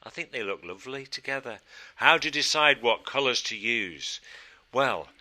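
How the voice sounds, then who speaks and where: A man's voice: medium pitch, animated, normal speed, sharp tone. A man teaching a casual design tutorial, thinking aloud and answering his own questions as he works. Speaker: design instructor. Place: studio.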